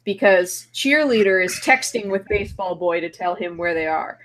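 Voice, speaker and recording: A woman co-hosting a movie podcast in easy, casual chat. She swears freely and laughs often while she retells plots, her pitch sitting in the middle of the female range. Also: lively intonation, normal speed, a bit bright. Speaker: podcast co-host.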